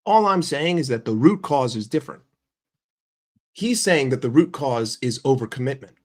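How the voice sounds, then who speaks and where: A young man streams a heated football rant, his medium-pitched voice expressive and at a normal speed. He curses a lot, argues profanely and keeps throwing questions at his chat about his team.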